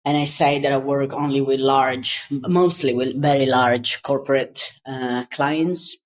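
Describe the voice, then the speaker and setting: A woman from Italy, a design consultant talking in an interview, lively and quick to laugh. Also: very deep voice. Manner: lively, laughs often, repeats words when searching. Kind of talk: interview conversation.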